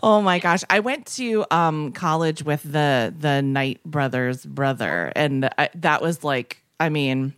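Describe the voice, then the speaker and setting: A woman's voice: sits low, slow pace, few pauses, fairly bright tone, clear, resonant tone, dry recording, studio quality. A woman co-hosting a podcast, chatting with enthusiasm. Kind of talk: casual chat.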